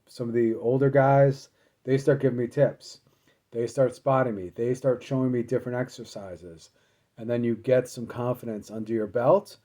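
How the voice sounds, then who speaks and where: A man's voice: medium pitch, warm tone. A man telling a casual personal story in a rambling way, full of fillers and restarts. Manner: rambling, lots of fillers and self-corrections. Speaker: motivational speaker.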